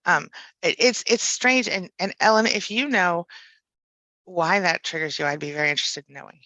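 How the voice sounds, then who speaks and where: Woman host, low-pitched, chatty, stops and restarts often, dry close sound. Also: bright, forceful tone, no room sound, poor audio. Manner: chatty, halting with frequent restarts. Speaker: livestream host reading viewer chat. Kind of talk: casual chat.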